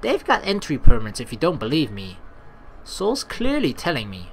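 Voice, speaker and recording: A woman voicing a blunt young male tour guide who talks flatly and matter-of-factly. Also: a bass voice, normal speed, a little hiss or hum, voice pushed down, exaggerated voice.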